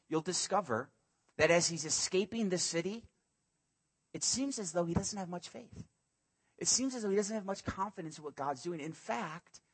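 A man's voice: sits high, fairly bright tone, slightly rough. A male pastor preaching a sermon, animatedly acting out biblical dialogue in casual modern speech.

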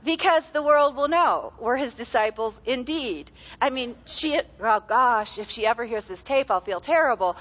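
A middle-aged woman gives a chatty Bible teaching in a high, bright voice. She laughs easily and slips into quoted characters as she tells stories. The recording is a bit dull and lo-fi. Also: lively intonation, moderate pace, few pauses, big-room sound. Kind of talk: conversational teaching talk.

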